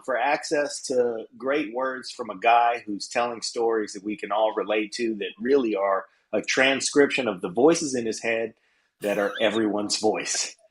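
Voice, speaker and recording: Enthusiastic man plugging a guest. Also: medium pitch. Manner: enthusiastic, promotional. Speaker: podcast host. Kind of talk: casual podcast chat.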